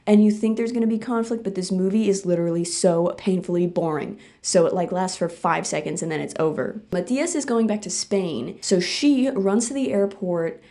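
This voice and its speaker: A woman's voice: mid-range voice, warm tone. A woman hosting a casual movie recap, talking sarcastically and rambling with lots of fillers. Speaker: host.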